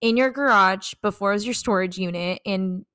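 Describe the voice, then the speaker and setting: Here the same kind of young podcast co-host and content creator talks at a moderate pace, her mid-range voice a bit bright, clear and resonant on a dry recording. She's enthusiastic and gushing in casual chat, using plenty of fillers.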